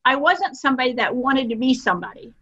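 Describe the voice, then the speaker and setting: Earnest older woman, bright high voice. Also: lively intonation, fast, breathy edge, highs cut off. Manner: earnest, self-deprecating, meandering. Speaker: interview guest. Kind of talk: casual interview storytelling.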